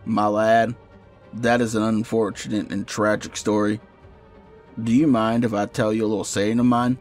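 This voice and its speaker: Man doing a gentle helpful investigator, low steady voice, soft music under it. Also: normal speed, natural voice. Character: kindly male private investigator, calm and helpful.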